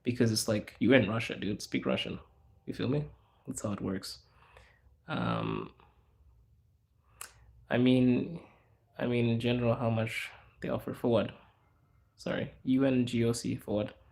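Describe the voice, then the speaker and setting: A man from Zimbabwe hosting a casual livestream, chatting loosely with viewers and answering their questions in a relaxed, slangy, rambling way. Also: medium pitch, a little slow, creaky, pauses often. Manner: relaxed, slangy, rambling with fillers and self-corrections. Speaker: livestream host.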